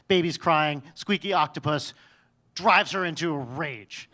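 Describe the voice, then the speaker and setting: A man telling a funny personal story live on stage, swinging between loud bursts and quiet, dry asides. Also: a little high, unhurried. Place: stage before an audience.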